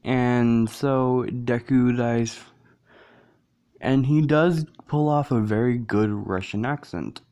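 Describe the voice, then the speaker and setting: Guy rambling through a fan story really slowly, keeps fixing what he just said. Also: mid-range voice, dark tone. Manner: rambling, corrects himself mid-story. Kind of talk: casual fan-story narration.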